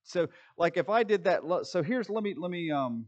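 A man's voice: high voice, expressive, darkish tone. Man leading a Bible study, muffled sound. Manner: halting, thinks aloud while leafing for verses; ends with a short closing prayer. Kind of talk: informal Bible study teaching.

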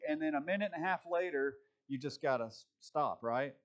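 A man's voice: on the high side, a little fast, dull audio. A man, a pastor, giving casual commentary with impassioned, sarcastic asides.

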